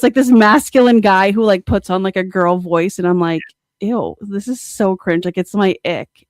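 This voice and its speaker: A young woman co-hosting a podcast, chatting casually with lots of fillers and excited bursts. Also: on the low side, no echo. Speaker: podcast co-host. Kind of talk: casual chat.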